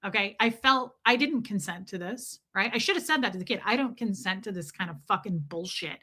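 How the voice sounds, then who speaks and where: A woman's voice: mid-range voice, a little fast, pushed and bright, breathy edge. A woman streamer telling a story as a comedic, profane rant. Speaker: live streamer.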